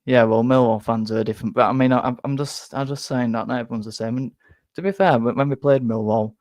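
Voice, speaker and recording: Rambling football fan, dry sound. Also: male voice, medium pitch, fast, darkish tone, no room sound. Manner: rambling, self-interrupting, repeats words. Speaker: fan channel host. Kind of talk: casual live-stream chat reading viewer comments.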